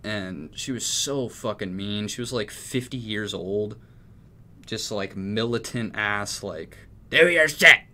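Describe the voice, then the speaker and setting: A man's voice: lowish voice, steady tone, takes it slowly, a bit bright. A young man from Texas telling a story in casual chat, rambling and swearing freely. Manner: profane, rambling, laid-back. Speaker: music producer.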